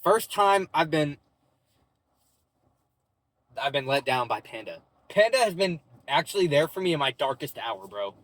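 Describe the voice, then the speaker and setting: A man's voice: mid-range voice, big pitch swings, brisk, few pauses, a bit bright, dry recording. Slangy young man rambling in his car. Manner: slangy and loose, says "bro" and "like" a lot. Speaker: vlogger. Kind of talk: casual rambling vlog chat. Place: parked car in a parking lot.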